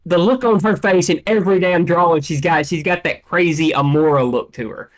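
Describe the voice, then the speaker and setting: A co-host in a casual chat, animated and opinionated, with many fillers. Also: mid-range voice, a little fast.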